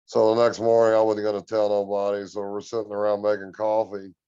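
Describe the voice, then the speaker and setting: Low-voiced man telling a story. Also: completely flat delivery, a little fast, dark tone, clean tone, dry recording, muffled recording. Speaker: podcast guest. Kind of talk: casual storytelling.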